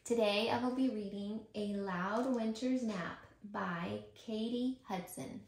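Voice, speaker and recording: A woman who teaches preschool, reading a children's bedtime story aloud in a gentle, expressive way. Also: medium pitch, slow pace, creaky, a little hiss or hum. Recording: roomy echo.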